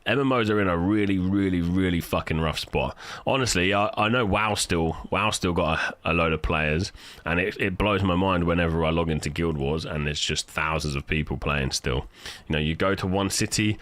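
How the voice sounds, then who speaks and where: A British man streaming live, chatting casually and telling stories in a profane, animated way. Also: very deep voice, no echo. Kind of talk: casual livestream chat.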